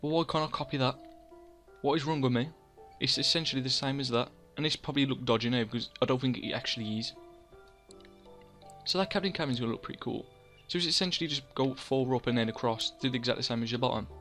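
A young man rambles through casual gameplay commentary, poking fun at himself and scolding himself by name. His voice sits at an ordinary middle pitch, with faint music under it. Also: quick pace, fairly bright tone. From England. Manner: rambling, self-mocking, talks to himself in third person. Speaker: gaming channel host.

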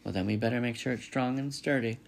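A man reading a storybook, voicing a gruff, stubborn male beaver who is kind underneath. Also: medium pitch, quick pace, a little hiss or hum, lightly acted. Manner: gruff, grumbling.

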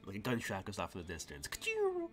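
A man's voice: fairly low pitch, huge pitch swings, fast. A man narrating as game master, rambling and laughing often, thinking aloud as he goes.

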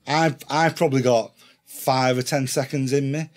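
A man's voice: medium pitch, moderate pace. A man with an English accent, a podcast guest telling a rowdy story in casual chat, swearing and laughing as he goes. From England. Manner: profane, laughing, animated retelling.

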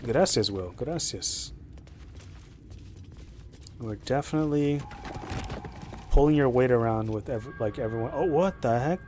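A young man streaming live, rambling chattily about his game with excitable reactions. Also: medium pitch, normal speed, background noise. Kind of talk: live gameplay commentary.

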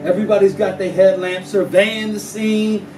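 A man's voice: sits high, moderate pace, recorded from a distance. Drawling profane man telling tall tales over guitar. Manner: drawling, profane, deadpan tall-tale delivery with sudden yelps. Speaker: storyteller. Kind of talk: live spoken-word storytelling over guitar. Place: live venue. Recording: roomy live recording from off mic. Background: plucked guitar music.

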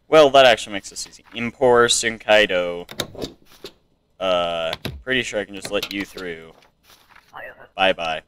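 A man's voice: fairly low pitch, slow pace, pauses often, a bit bright, slight background noise. A young man casually commenting on a game as he plays, reading its text aloud and trying out silly voices. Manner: chatty, reads game text aloud, tries silly accents. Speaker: gameplay streamer. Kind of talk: casual let's play commentary.

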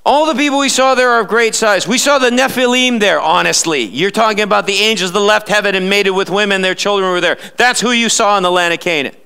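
Male pastor preaching live, smooth clear voice, pushy rhetorical questions. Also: high voice, fast, hardly any pauses, sharp tone. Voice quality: emphatic, with sarcastic rhetorical questions. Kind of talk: live sermon. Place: church.

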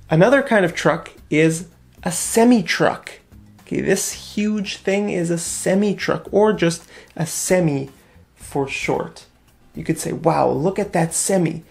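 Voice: medium pitch, vocal fry. A teacher giving a vocabulary lesson to English learners, repeating each new word and asking the class questions.

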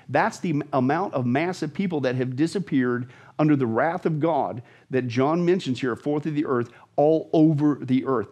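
A man's voice: fairly high pitch, a little mellow. A man, a pastor, explaining Bible prophecy as a guest in an emphatic, dramatic way, repeating words for emphasis. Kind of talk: emphatic Bible teaching in conversation.

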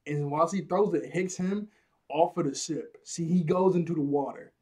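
Mellow man rambling in casual commentary. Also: on the high side, normal speed. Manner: rambling, laughs often at his own jokes. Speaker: anime episode reviewer.

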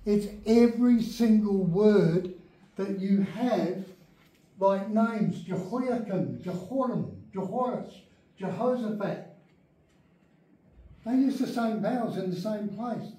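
Speaking slowly in a high, warm voice, a man teaches an adult Bible class in a church meeting room. He delivers points with emphasis and keeps checking in with his listeners. The room echoes heavily, and the mic is a long way from him.

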